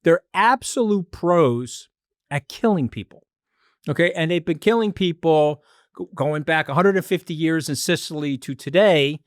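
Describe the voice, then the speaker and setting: A man talking as a guest on a podcast, arguing emphatically in quick, animated bursts. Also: on the high side, dry recording, clean studio sound. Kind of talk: casual podcast discussion.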